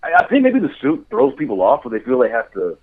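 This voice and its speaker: Quick-paced and slightly rough, this medium-pitched male voice swoops wildly in pitch. He's a motion capture director guesting on a laid-back podcast, sharing candid stories amid frequent laughter, heard over a tinny phone-like connection.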